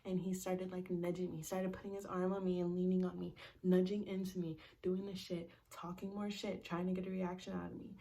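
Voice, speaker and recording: A young woman with a gravelly, fry-laden voice tells a storytime vlog in blunt, profane everyday speech. She fills her talk with "like" and "bro" and now and then drops to a hushed whisper. Her voice sits a little back from the mic. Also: on the low side, level tone, fairly quick, few pauses, recorded from a distance. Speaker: vlogger. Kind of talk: casual storytime.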